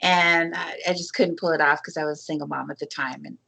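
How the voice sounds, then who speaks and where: Woman, Minnesotan accent, radio host, bright tone, chatty. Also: low-pitched, fairly even intonation, a little fast, vocal fry. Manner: chatty, laughs easily. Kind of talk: casual chat.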